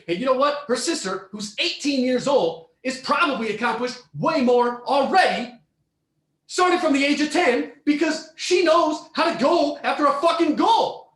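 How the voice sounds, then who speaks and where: A man co-hosting a podcast, ranting with heavy profanity and frequent shouting as he reacts to a story. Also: very high-pitched, lively intonation, moderate pace, echoey room. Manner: profane, heated, often shouting. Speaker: podcast co-host. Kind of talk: ranting commentary on a reader story.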